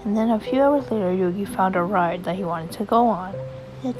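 A woman casually narrating a home-made story in a rambling, unhurried way. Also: medium pitch, rough recording. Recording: music playing behind.

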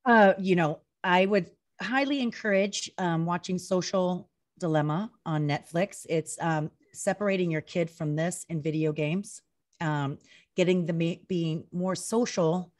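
Chatty animated woman, lower voice. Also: unhurried. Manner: chatty, animated storytelling full of acted-out quotes; heavy use of "like" and "you know". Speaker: retired pro wrestler guest. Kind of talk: casual interview chat.

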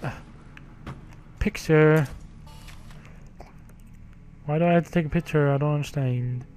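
A man giving gameplay commentary, profane, grumbling and yelling at the game. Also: fairly high pitch, unhurried, slight background noise. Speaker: let's play gamer.

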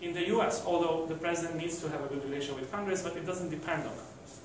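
Guy lecturing w lots of ums, kinda high voice, super echoey room, mic far off. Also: fairly even intonation, fast talker, a little hiss or hum. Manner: hesitant, many fillers and restarts. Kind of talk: university lecture.

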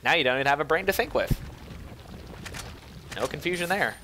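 A man's voice: expressive, a little fast. Goofy joking man over background noise. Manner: goofy, self-mocking, jumps to silly high yelps. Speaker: let's play gamer. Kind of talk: joking gameplay commentary.

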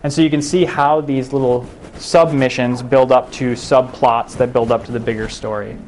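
A man's voice: medium pitch, steady tone, normal speed, darkish tone, a little hiss or hum. A young man giving a public talk to a live audience about game-based learning, speaking conversationally and putting questions to the room. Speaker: education researcher giving a talk.

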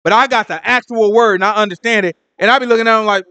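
A man's voice: high voice, quick pace, no echo. A man teaching a casual Bible study, acting out the people in the scripture and sometimes stuttering. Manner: animated, acts out scripture figures, stutters.

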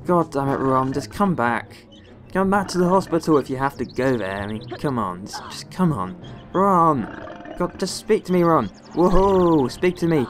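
A man's voice: on the high side, animated, moderate pace, faint music behind. A young man from the West Country of England doing let's play commentary, exclaiming and grumbling at the game as he plays. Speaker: gaming video host.

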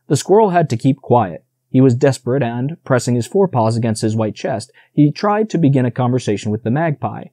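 A man reading a children's classic aloud as an audiobook narrator, with expressive storytelling. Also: medium pitch, fairly quick, few pauses, no echo, studio quality.

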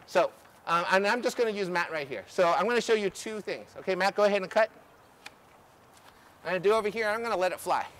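A man coaching a group through drills outdoors, energetic and instructive, often checking in with "okay?". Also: high voice, fast. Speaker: ultimate coach. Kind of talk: outdoor coaching clinic demonstration. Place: outdoor field.

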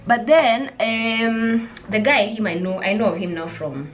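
Relaxed Kenyan woman gossiping. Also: a little high, measured pace, soft background music. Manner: relaxed gossip, mixes in local slang. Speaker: co-host. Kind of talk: casual chat. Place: bedroom.

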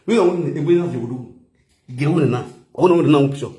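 A man's voice: on the high side, quick pace, reverberant. A man with a Nigerian accent chatting loosely and laughing often on a live stream. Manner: laughing, rambling, animated. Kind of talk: casual live-stream chat.

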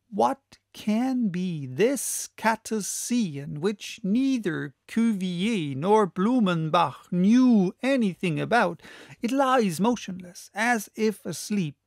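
A male audiobook narrator reads in a slow, deliberate way with a gravelly edge to his slightly raised voice. The sound is dry and close. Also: high-pitched, a little mellow, no echo. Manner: measured, deliberate reading.

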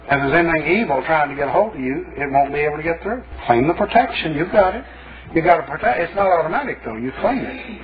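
A man's voice: fairly high pitch, lively intonation, fast, crowd noise. A male pastor preaching a sermon in a folksy, colloquial storytelling manner. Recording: lo-fi phone-like sermon tape.

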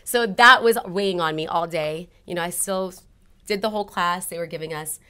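A woman's voice: fairly low pitch, normal speed, bright, forceful tone, clear, resonant tone. A woman guest in a casual interview, animatedly telling a personal story and acting out her own past conversations.

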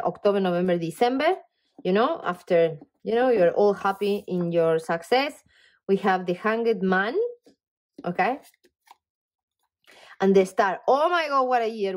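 Enthusiastic tarot reader woman. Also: mid-range voice. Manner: animated, enthusiastic, talks straight to the viewer; frequent fillers and "okay?" check-ins. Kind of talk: casual tarot reading to camera.

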